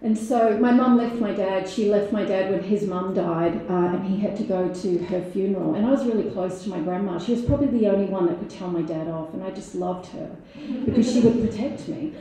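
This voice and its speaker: A woman's voice: mid-range voice, a little fast, dark tone, a little hiss or hum. Candid woman in a very echoey hall. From Australia. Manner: candid, laughs often, many fillers. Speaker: AA meeting speaker. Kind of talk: personal recovery story. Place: meeting hall.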